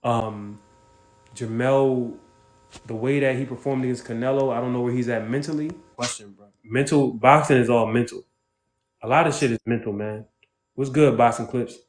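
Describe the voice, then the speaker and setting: A man hosts a casual livestream, speaking bluntly and swearing freely as he reacts to viewers and calls them out by name. His voice sits at an ordinary pitch for a man, and the sound carries a roomy echo. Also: steady tone, normal speed. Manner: blunt, profane, shouts out viewers. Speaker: livestream host.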